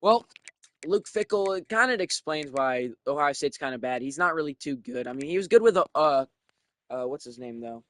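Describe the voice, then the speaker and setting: A young man giving casual, profane commentary while playing a video game, thinking out loud and getting excited. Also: fairly high pitch, normal speed, no room sound. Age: young adult.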